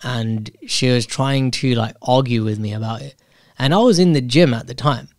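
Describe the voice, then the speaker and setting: A man talks through a personal story in a loose, unscripted monologue. He is candid and self-questioning, stopping and restarting his phrases as he thinks aloud. His voice sits at an ordinary pitch, recorded close and dry with no room sound. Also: normal speed, a little mellow, no room sound.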